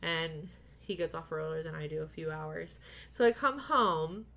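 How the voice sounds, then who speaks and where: A woman's voice: deep voice, animated, measured pace, creaky, fairly bright tone. A woman telling a personal story in casual chat, candid and profane, often laughing as she talks.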